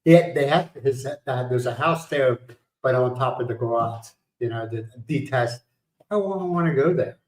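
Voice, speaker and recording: A man's voice: medium pitch, moderate pace, a little hiss or hum. Man telling stories in a roomy space. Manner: storytelling, laughing at his own punchlines. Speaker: livestream host. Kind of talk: casual chat.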